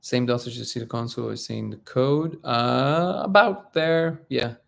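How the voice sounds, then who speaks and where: A man hosting a casual live-stream talk, speaking haltingly with many restarts and fillers. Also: medium pitch, vocal fry, fairly bright tone. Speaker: host of a live discussion stream.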